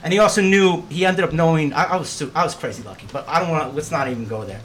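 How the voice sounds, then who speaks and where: Profane, animated storytelling man. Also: fairly high pitch, quick pace, slight background noise. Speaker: guest. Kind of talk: casual storytelling chat.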